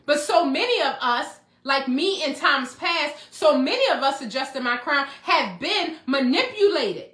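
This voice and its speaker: Excitable woman preaching self-love. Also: sits high, a little slow, few pauses, echoey room. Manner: excitable, preachy, rhetorical questions and repetition. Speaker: self-help speaker. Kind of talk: motivational preaching talk.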